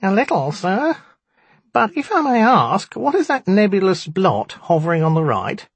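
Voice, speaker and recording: A man voicing a proud little male imp guarding a door, with a squeaky, nasal, polite voice. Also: sing-song, normal speed, breathy edge, no echo, heavily acted. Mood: prim squeak. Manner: polite, dutiful, nervous.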